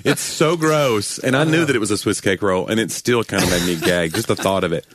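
A man's voice: fairly low pitch, fairly quick, a bit bright. A man co-hosting a casual church podcast, joking, laughing often and acting out quotes. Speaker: podcast co-host, church staff. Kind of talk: casual chat.

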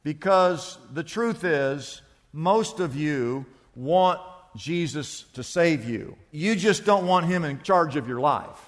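A man's voice: a little high, expressive, takes it slowly, in a large hall. A man preaching a sermon, telling a story emphatically with frequent repetitions. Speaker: pastor.

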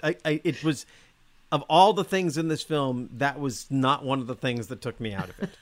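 Man, mid-pitched voice, podcast co-host, halting, stop-start speech. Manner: halting, restarts, defends the film. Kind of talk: casual movie review chat.

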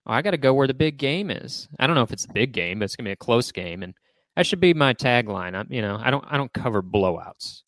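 A man's voice: medium pitch, sing-song, fast talker, fairly bright tone, no room sound, clean studio sound. A man co-hosting a sports podcast, bantering with a light, joking manner. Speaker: podcast co-host. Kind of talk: casual sports podcast chat.

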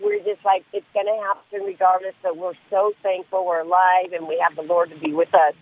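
A man's voice: high voice, expressive, brisk, no room sound. A middle-aged man calling in to a radio show, talking in an earnest, rambling way over a tinny phone line. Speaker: caller.

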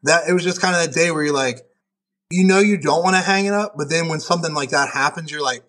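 Speaking at a quick pace, a young man with a fairly high, somewhat bright voice guests on a podcast. He's a powerlifter and referee, and his casual storytelling is rambling, profane, and full of "like."

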